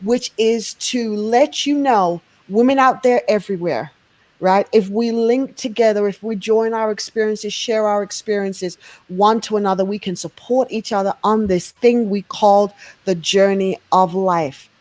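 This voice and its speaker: A woman's voice: mid-range voice, fairly even intonation, a little slow, darkish tone. A woman hosting a casual talk show, encouraging her guests and repeating phrases for emphasis. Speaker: host.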